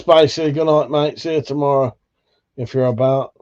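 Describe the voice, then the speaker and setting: A man's voice: mid-range voice, steady tone, normal speed, a little mellow, smooth. Tired male streamer, laid-back and sweary, on a dull lo-fi mic. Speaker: livestream host. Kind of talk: casual live chat.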